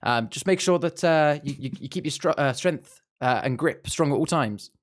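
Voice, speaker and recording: A man voicing his male adventurer character, giving his climbing party an earnest, halting warning. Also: on the high side, voice pushed up, lightly acted. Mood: cautionary.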